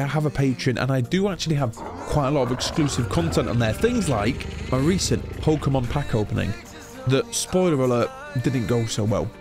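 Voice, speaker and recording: A young man chatting excitedly as he commentates his own game playthrough. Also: mid-range voice. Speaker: gaming YouTuber. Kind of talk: let's play commentary. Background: game music.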